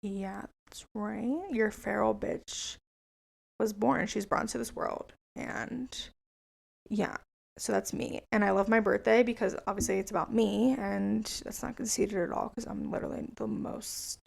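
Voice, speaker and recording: A woman's voice: medium pitch, steady tone, measured pace, gravelly. A young woman in her twenties hosting a casual solo podcast, chatty, rambling and profane. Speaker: podcast host.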